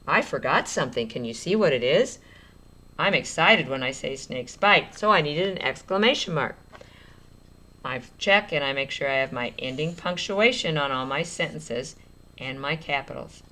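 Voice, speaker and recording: Woman teacher, writing lesson for small children, low voice, stretches out word sounds, encouraging. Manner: sounds out words slowly while writing; gentle encouraging teacher talk.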